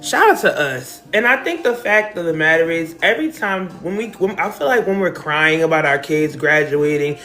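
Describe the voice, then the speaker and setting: A woman's voice: low-pitched, expressive, moderate pace, few pauses, fairly bright tone. A woman from New Jersey hosting a casual live stream from home, talking emotionally and directly to her viewers. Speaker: livestream host. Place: at home, decorated with balloons and pictures.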